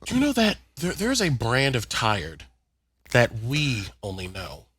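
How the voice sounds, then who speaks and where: A man co-hosting a podcast in casual chat, sassy and expressive, with quick asides. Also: medium pitch, slightly rough. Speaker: podcast co-host.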